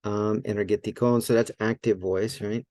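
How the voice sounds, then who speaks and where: A man's voice: lowish voice, steady tone, normal speed, warm tone, no room sound. A man teaching a Greek grammar lesson in a casual, think-aloud way, often correcting himself and using many fillers. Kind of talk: casual screen-share lesson.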